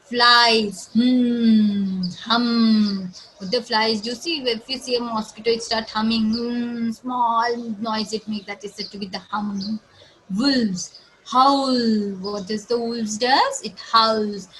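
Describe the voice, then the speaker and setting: An Indian woman teaching young children an English lesson, explaining slowly in a sing-song manner and imitating animal sounds. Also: a little high, fairly even intonation, pushed and bright, a little hiss or hum, rough recording. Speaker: schoolteacher.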